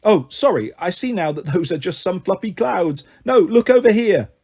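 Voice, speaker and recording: A man's voice: sits high, lively intonation, normal speed, darkish tone, slightly rough, exaggerated voice. A man reading aloud, voicing a flustered male teacher announcing things to his class.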